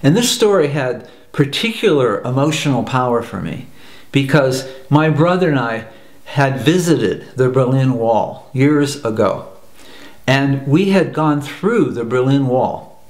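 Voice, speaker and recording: A man's voice: medium pitch, a little mellow. Earnest American man in a roomy space. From United States. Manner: earnest, repeats phrases for emphasis. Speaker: personal growth teacher. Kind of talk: spoken storytelling talk. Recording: roomy echo.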